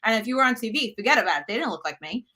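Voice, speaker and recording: A woman in her thirties from the United States talks as a guest in a relaxed interview. Her voice is very bright and sits a little high, and she speaks with animated, frank emphasis. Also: racing. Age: 30s. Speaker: guest, cooking show host. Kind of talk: casual interview chat.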